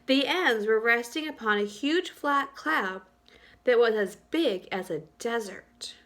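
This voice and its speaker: Woman teacher, storybook read-aloud, expressive, high voice, bright tone. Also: measured pace. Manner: clear, expressive reading with teacher asides. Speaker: third-grade teacher. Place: home, for virtual school.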